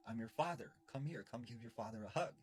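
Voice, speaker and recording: A man's voice: medium pitch, fast, natural voice. A man voicing a creepy shapeshifter that poses as a father and coaxes someone to come to him, in a scary storytelling voice. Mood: coaxing. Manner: coaxing, insistent.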